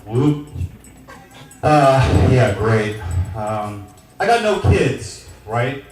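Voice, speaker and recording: A man in his forties doing a stand-up comedy set in a small lounge, loud, brash and crude. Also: mid-range voice, sing-song, very slow. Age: 40s. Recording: echoey venue miked from a distance.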